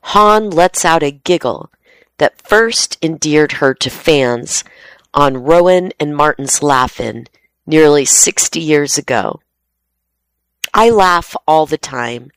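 A woman with a low voice reads magazine articles aloud for a radio reading service. She takes her time and keeps an even pace. The studio sound is close and dry. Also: dry recording. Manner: steady, unhurried reading voice.

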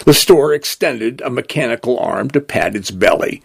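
A man narrating a story in a measured, expressive way. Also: mid-range voice, gravelly, husky, dry recording.

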